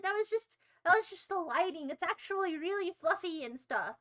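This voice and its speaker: Very high, bright-voiced woman streamer. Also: fairly quick, few pauses. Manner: playful mock-indignant ranting; exaggerated silly tangents and banter. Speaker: livestream host. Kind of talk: casual livestream chat with viewers.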